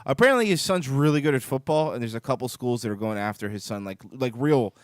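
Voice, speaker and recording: A man's voice: mid-range voice, lively intonation, fast talker, dry recording, studio quality. A man co-hosting a casual comedy chat show, joking and teasing his co-hosts. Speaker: podcast co-host.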